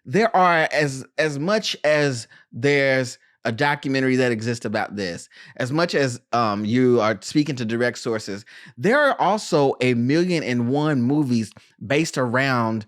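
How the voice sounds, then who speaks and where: Animated podcast host reviewing a film. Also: medium pitch, no echo, clean studio sound. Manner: animated, joking, quick asides. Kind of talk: casual film review chat.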